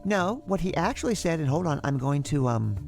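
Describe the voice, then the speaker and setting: Podcast co-host, dry sarcasm, gravelly fry, lively pitch, faint music behind. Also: a little fast. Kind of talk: casual chat.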